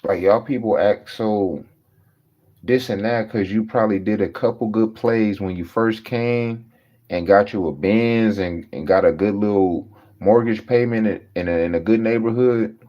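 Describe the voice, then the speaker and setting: A man's voice: lowish voice, normal speed. A man in a casual, profane rant full of slang, telling exasperated stories in a loose storytelling flow. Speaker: podcast host. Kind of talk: casual ranting monologue. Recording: dull lo-fi recording.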